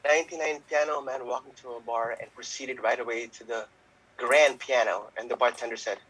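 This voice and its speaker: Husky-voiced man telling a joke. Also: medium pitch, steady tone, brisk, fairly bright tone, low-quality recording. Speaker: improv player.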